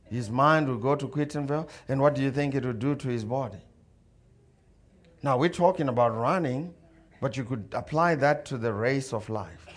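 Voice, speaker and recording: A man preaching a sermon, telling stories and acting out dialogue and the voices of others. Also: medium pitch. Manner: storytelling, acts out dialogue and crowd voices. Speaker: pastor.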